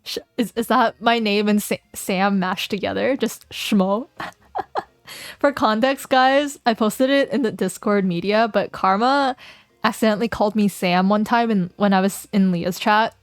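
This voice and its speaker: A woman's voice: mid-range voice, unhurried, no room sound. A woman streamer reading a dating game aloud in a playful, casual way, chatting with her viewers between lines. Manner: playful, laughs often, reads game text aloud.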